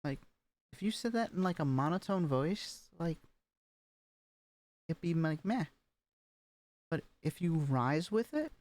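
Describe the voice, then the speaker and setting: A woman in a casual practice recording, reading exercise sentences and explaining rising intonation with many hesitant fillers. She speaks slowly, with a somewhat low voice. The sound is dry and close, picked up by a webcam mic at home. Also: expressive, darkish tone, dry recording. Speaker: voice training student. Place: home room, streaming as a vtuber. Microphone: webcam microphone.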